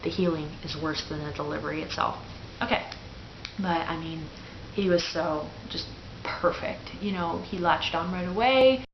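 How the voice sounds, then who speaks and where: A woman's voice: on the low side, moderate pace, slight background noise. A young woman, a new mother, telling her birth story to the camera in a candid, chatty way, full of "like" fillers. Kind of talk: casual personal storytelling to camera. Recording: echoey room, dull lo-fi sound.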